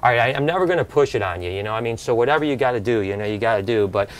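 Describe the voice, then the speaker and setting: A man's voice: mid-range voice, lively intonation, very fast. Upbeat man showing off snakes. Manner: upbeat, coaxing, talks to snakes and guest. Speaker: reptile show host. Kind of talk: casual show-and-tell to a guest.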